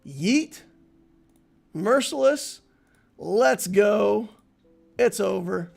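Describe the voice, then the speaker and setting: A man's voice: high voice, animated, drawn-out words, vocal fry, a little mellow, soft background music. A man giving casual live-stream commentary on a game, chatting playfully with viewers and laughing easily. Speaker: gaming streamer.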